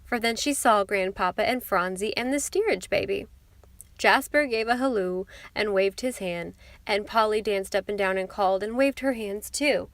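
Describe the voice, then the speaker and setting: A woman narrating a children's classic audiobook in a clear, steady storytelling manner. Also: medium pitch, normal speed, dry recording.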